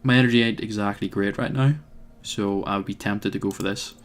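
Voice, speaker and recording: A man's voice: on the low side, fairly even intonation, fairly quick. A man commentating his own strategy game, thinking aloud with plenty of hesitations and wry asides. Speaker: let's play host.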